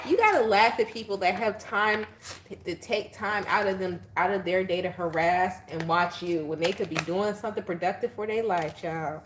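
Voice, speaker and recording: Woman, tarot reader, chatty and animated, faint hiss and clicks. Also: mid-range voice. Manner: chatty, laughing, animated asides to viewers. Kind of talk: casual live tarot reading.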